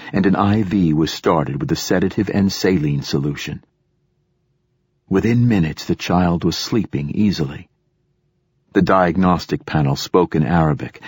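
A man narrating an audiobook in a steady, even storytelling manner. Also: low voice, slightly rough, dry recording, studio quality. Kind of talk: scripted narration.

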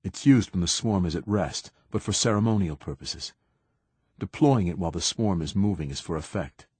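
A man playing a quiet, reserved diplomat. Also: low voice, animated, slightly rough, no room sound. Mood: measured. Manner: quiet, measured.

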